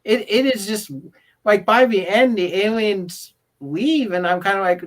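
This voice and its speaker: A man's voice: sits high, expressive, unhurried. Exasperated man ranting about a film. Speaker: podcast co-host. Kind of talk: casual film discussion.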